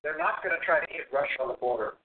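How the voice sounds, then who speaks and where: A man's voice: fairly high pitch, quick pace. A male guest, a former officer, speaking assertively and emphatically on a political talk show. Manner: assertive, emphatic, matter-of-fact. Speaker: guest, military veteran. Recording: tinny phone-line audio.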